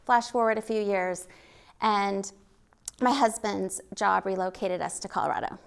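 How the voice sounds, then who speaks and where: A woman's voice: medium pitch, steady tone, measured pace, gravelly, clear, resonant tone. A middle-aged woman from Oklahoma with a slight Oklahoma accent, telling her personal story on stage with candid, self-deprecating humor. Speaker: storytelling speaker. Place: stage at a live event.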